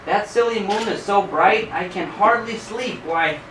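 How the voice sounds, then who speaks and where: A man's voice: high voice, measured pace, voice pushed up. A man reading aloud and voicing a vain, grumpy male coyote in a smug, huffy way. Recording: echoey room, distant mic, background noise.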